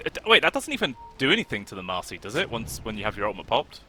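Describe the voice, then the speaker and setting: Bright, lively esports play-by-play man. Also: lowish voice, very fast, breathy edge, soft background music. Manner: excitable, rises sharply on big plays. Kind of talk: live esports play-by-play commentary.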